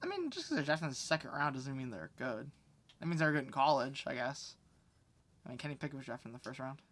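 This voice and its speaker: A man's voice: mid-range voice, big pitch swings, fast, fairly bright tone. A man co-hosting a casual sports podcast, reading quiz hints with laid-back, joking banter. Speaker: co-host giving quiz hints.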